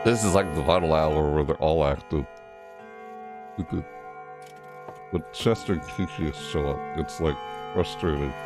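Over music, a man with a very deep voice hosts a horror game let's play at a moderate pace, leaving long pauses. The gaming channel host is jumpy, yelping and crying out at scares while grumbling at the game.

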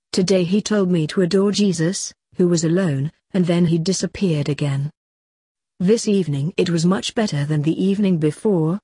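Low husky woman reading a devout diary. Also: mellow, no echo. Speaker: audiobook narrator. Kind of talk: scripted first-person diary reading.

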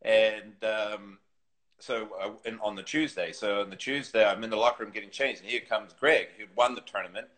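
Animated New man telling stories. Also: lowish voice, normal speed. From New Zealand. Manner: animated storyteller, laughs often, acts out quotes. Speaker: golf coach and former tour pro. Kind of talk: interview storytelling. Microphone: video call.

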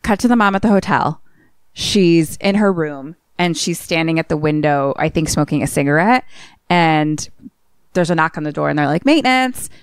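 A woman's voice: fairly low pitch, clean tone, no echo, clean studio sound. A woman co-hosting a podcast, casually retelling a film scene by scene and acting out the characters' lines. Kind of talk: casual chat.

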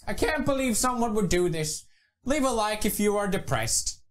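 A man doing goofy comedy sketches on camera, clowning in a mock-dramatic way and bursting into shouts. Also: high-pitched, expressive, normal speed. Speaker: YouTuber.

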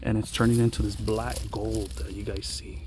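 An enthusiastic man chats his way through an outdoor garden tour, his voice low and mellow. He talks straight to viewers as he points things out, with faint outdoor noise around him. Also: flat delivery, normal speed. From Los Angeles area. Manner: enthusiastic, chatty, addresses viewers as guys. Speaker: gardening vlogger. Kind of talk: casual garden walkthrough vlog. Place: outdoors on a mountain trail garden.

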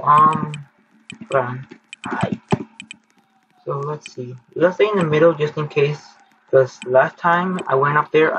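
A teenage boy giving casual, excitable gameplay commentary, often panicking and pleading. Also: a little high, dull audio, a little hiss or hum. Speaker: gaming YouTuber.

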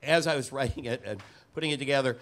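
A man's voice: mid-range voice, quick pace, fairly bright tone. Man, live interviewer, hesitant, filler-heavy speech. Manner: hesitant, many fillers and restarts. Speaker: interviewer and co-writer.

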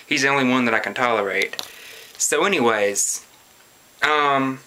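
A man's voice: mid-range voice, unhurried, sharp tone, slight background noise. A young man, telling a story in a sarcastic, profane vlog rant. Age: young adult. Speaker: vlogger.

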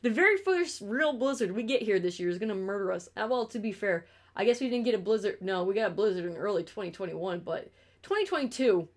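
A woman's voice: mid-range voice, lively intonation, fast talker. A young adult woman streamer in casual stream chat, rambling and swearing freely.

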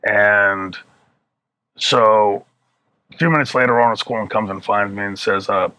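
Low-voiced man telling a profane story. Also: a little slow, low-quality recording. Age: 50s. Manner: profane, animated storytelling that acts out the people in his stories. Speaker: interview guest. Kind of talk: shoot interview storytelling.

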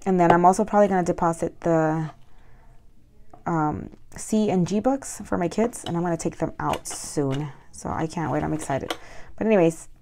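A woman with a hoarse voice chatting casually as she counts out cash for a budgeting vlog, murmuring numbers and talking excitedly to viewers. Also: lowish voice, moderate pace, a little hiss or hum. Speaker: budgeting vlogger.

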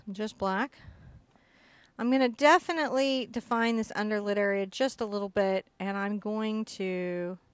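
A woman teaching an acrylic painting lesson, chatty and excitable, often bursting into giggly enthusiasm. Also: mid-range voice, moderate pace, clean tone, no room sound. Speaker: art instructor.

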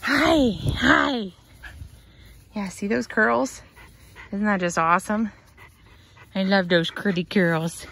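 Gravelly woman cooing over her dog. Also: medium pitch, a little slow, long pauses, fairly bright tone. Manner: cooing, sing-song baby talk to the dog. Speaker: dog owner showing her terrier. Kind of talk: casual video chat. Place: outdoors on a wet lawn.

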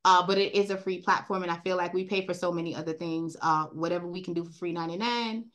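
A woman with a Caribbean accent, raised in Brooklyn, hosting an online training session over a video call in a chatty, animated way and calling her audience y'all. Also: lowish voice, fast talker. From Caribbean, grew up in Brooklyn. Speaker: credit repair trainer hosting a group call.

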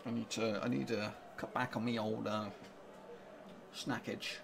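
Excitable gravelly football fan. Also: male voice, fairly low pitch, unhurried, background noise. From England. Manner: excitable, urging the team on. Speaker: fan reaction streamer. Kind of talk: live football reaction commentary.

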